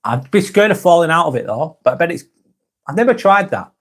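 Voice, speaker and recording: A man with a Lancashire accent, hosting a casual live vlog and reading viewers' comments aloud, then answering them in a softer, lower voice. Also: very animated, a little fast. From Darwen, near Blackburn, northern England. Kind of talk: casual live-stream chat.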